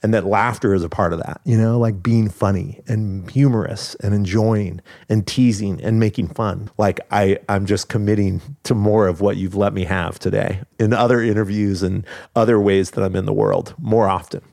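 A man speaks earnestly as a podcast guest, reflective and often laughing. His voice sits on the lower side and the delivery is casual. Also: fairly even intonation, moderate pace, gravelly, a little mellow. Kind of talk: casual conversation.

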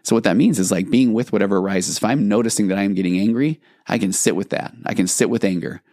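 Gravelly low-voiced man hosting a podcast. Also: fast, a little mellow, no room sound, clean studio sound. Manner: reflective, explains with acted-out inner dialogue. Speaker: podcast host. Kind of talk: casual solo podcast talk on mindfulness.

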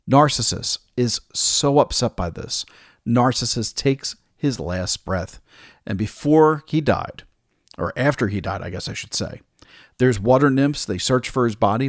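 A man's voice: medium pitch, no echo, studio quality. A man retelling an old myth in a casual, conversational way, with small asides and restarts. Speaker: storyteller.

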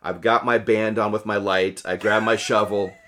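Rambling, emotional New man, low voice. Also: flat delivery, moderate pace, bright, forceful tone, a little hiss or hum. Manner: rambling, emotional, laughs often, many restarts. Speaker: podcast co-host. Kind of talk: casual storytelling chat.

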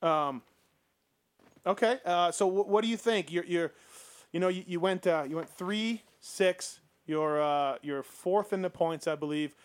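A man's voice: sits high, unhurried, smooth. A man hosting a radio talk show, loose and joking, with many fillers. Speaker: host. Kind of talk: casual radio chat.

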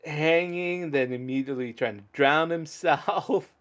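A man hosting a casual podcast chat, rambling and animated, laughing often as he talks. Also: on the high side, unhurried.

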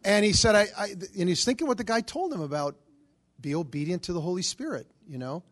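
A middle-aged man preaching and telling a story in an animated way, acting out the voices of the people in it. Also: high-pitched, fast. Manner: animated, acts out quoted voices. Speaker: Catholic charismatic preacher. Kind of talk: storytelling sermon.

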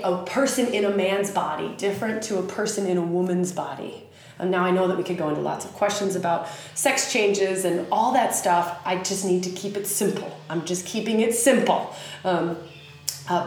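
Chatty Southern woman in an echoey room. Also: fairly low pitch. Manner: animated, chatty, many fillers. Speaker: podcast host. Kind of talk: casual spoken teaching monologue. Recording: very echoey room with faint ambience.

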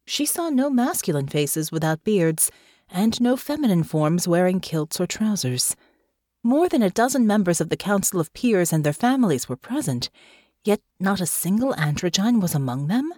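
A woman's voice: lowish voice, darkish tone, no echo, studio quality. A woman reading a fantasy novel aloud as audiobook narrator. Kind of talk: scripted narration.

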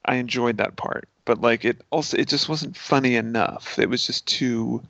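A man's voice: mid-range voice, moderate pace, vocal fry, fairly bright tone, dry recording, lo-fi sound. A man co-hosting a podcast in casual chat, joking and laughing often. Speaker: podcast co-host.

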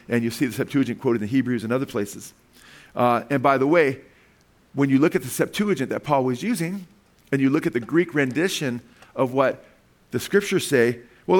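Emphatic preaching man with constant "okay?". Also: medium pitch. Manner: emphatic, asks the congregation questions; explains word by word, with frequent "okay" and "right". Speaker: pastor. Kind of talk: sermon with slides.

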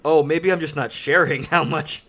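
A man's voice: a little high, normal speed. A tired man hosting a podcast, chatting casually and making fun of himself. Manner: relaxed, self-mocking. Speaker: podcast host. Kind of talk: casual chat.

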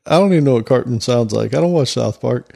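A man co-hosting a podcast, easygoing and good-humored as he reads the show plugs and chats. His tone is warm and mellow, never sharp. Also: medium pitch, lively intonation, fast talker, gravelly. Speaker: podcast co-host. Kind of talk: casual podcast chat.

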